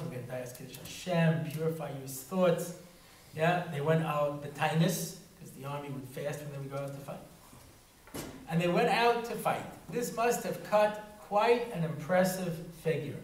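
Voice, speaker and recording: A man's voice: on the high side, distant mic. A man giving a humorous Torah talk in a synagogue, telling stories and acting out voices. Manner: storytelling, breaks into voices and laughs. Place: synagogue hall. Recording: roomy hall recorded from afar, faint noise.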